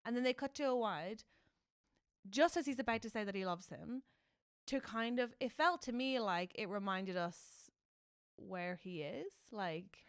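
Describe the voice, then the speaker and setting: A woman's voice: medium pitch, lively intonation, measured pace, smooth, dry recording. A woman co-hosting a podcast, chatting casually and acting out scenes in quoted voices. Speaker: podcast co-host. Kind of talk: casual chat. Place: studio. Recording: dry studio sound.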